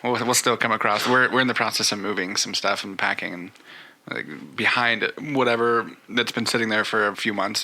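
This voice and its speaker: Guy sheepishly explaining himself on a podcast, really bright tense voice. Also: lowish voice, steady tone, fairly quick, poor audio. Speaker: podcast co-host. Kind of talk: casual chat among brothers.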